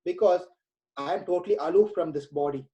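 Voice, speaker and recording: A man voicing a calm, detached sage who reasons patiently with a king while retelling a scripture story. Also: sits high, brisk, muffled recording, close to an everyday voice. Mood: calm reasoning. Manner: calm, reasoning, lightly chiding. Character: calm detached male sage, unbothered and wise.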